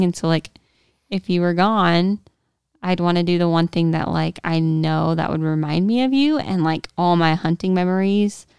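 Young woman co-host, giggly and rambling, smooth clear voice, dry close sound. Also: lowish voice, no room sound. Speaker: podcast co-host. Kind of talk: casual chat.

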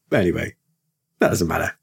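A low-pitched man runs a tabletop horror game as game master. He narrates in a relaxed, halting way, pausing on fillers as he sets each scene. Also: gravelly, husky.

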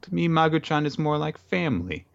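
A man voicing a carefree, oblivious teenage girl in a squeaky falsetto, in a dull lo-fi recording. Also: sing-song, fairly quick, creaky. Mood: chirpy. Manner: squeaky falsetto, chirpy and sing-song.

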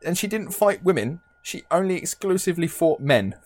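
A man's voice: high-pitched, expressive, brisk. A man hosting a podcast, telling a story in a casual way with frequent laughs and fillers. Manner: laughs often, many "um, now" fillers. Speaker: podcast host.

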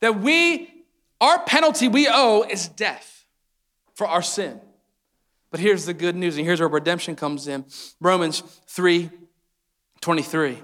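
A young man pastor preaching a sermon, rising into loud fervent stretches and joking asides as he voices the figures in his story. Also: high voice, a little slow, long pauses, faint music behind. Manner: builds to fervent shouted preaching, voices Jesus playfully.

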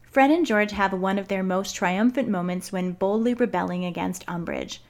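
A woman hosting a podcast, reading a prepared script in a measured, clear voice. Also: medium pitch. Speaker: podcast host.

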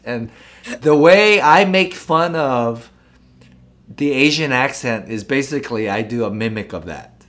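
A man co-hosting a casual chat, joking and lively as he talks. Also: medium pitch, unhurried. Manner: animated, jokey, puts on mock voices in quotes. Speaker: podcast co-host.

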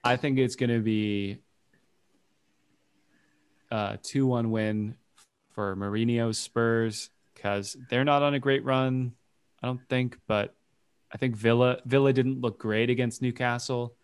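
Slow-talking male podcast host. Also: mid-range voice, fairly even intonation, clear, resonant tone. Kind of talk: casual podcast chat.

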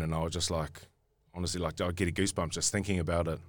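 Young kiwi guy, really low voice, rambles and restarts a lot, dry close mic. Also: little pitch movement, fast talker, no room sound. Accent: New Zealand. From New Zealand. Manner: rambling, repeats and restarts words often. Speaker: rugby player guest. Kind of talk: casual storytelling interview.

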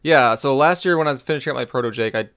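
A man's voice: mid-range voice, racing, fairly bright tone. A man co-hosting a casual gaming podcast, speaking in a wry, hedging way. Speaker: podcast co-host.

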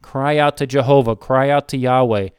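A man preaching a Bible sermon, slow and emphatic, repeating short phrases. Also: medium pitch, steady tone, clean tone, no echo, clean studio sound.

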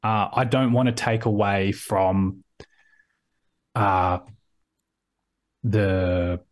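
A man's voice: fairly low pitch, little pitch movement, very slow. Australian man, podcast guest, rambling with restarts, video call audio. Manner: rambling with frequent restarts, acts out quoted voices. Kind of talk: casual conversational interview.

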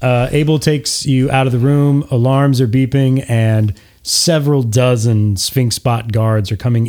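Male game master, warm dark voice, easygoing narration. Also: medium pitch, moderate pace, few pauses. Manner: relaxed, with frequent filler words.

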